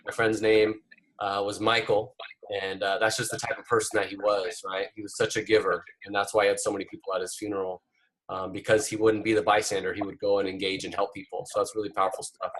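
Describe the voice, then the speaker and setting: A man with a somewhat low voice hosts a coaching call. He responds warmly to participants and tells stories from his own life at an easy pace. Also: flat delivery, quick pace, slight background noise. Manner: encouraging, storytelling. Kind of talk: casual coaching talk.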